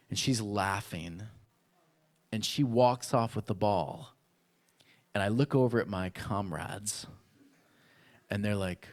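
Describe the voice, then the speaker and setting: Animated male pastor telling a story. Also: fairly low pitch, a little slow. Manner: animated storyteller acting out his childhood voices. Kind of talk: sermon storytelling. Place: church.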